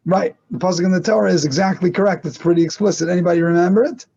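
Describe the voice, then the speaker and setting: A man's voice: high-pitched, rapid-fire, creaky, dark tone, breathy edge, dull audio. A man teaching a casual online class on medical ethics, talking conversationally with restarts and rhetorical questions.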